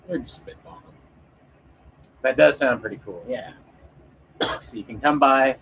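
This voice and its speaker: A man's voice: mid-range voice, moderate pace, vocal fry, a bit bright, dull audio, slight background noise. A man chatting casually with an audience as a streamer, rambling and joking with frequent swearing and fillers.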